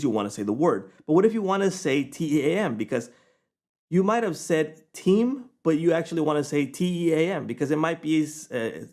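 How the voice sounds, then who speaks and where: Chatty man walking through software. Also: a little high. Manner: casual, chatty, keeps checking in with "okay?". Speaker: software reviewer. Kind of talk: screen-recorded software tutorial.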